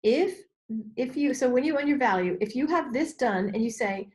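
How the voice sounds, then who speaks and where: Animated woman coach, higher voice. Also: moderate pace. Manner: expressive, acts out inner voices with sudden high exclamations. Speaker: business coach, guest. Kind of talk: animated interview talk.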